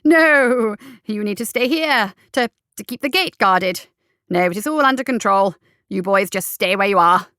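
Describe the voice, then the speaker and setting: A woman's voice: medium pitch, big pitch swings, fairly bright tone, no room sound, studio quality. A woman voicing a nervous, scheming male doctor who stammers and fumbles his words. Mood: flustered. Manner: stammering, hurried and eager to please.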